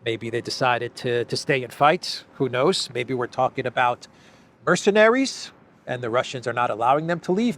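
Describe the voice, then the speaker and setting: A man's voice: medium pitch, fairly bright tone. An American man delivers solo political commentary in a loose, speculative way. He has a mid-range voice and a sarcastic edge, and he often restarts and repeats words as he works through a thought.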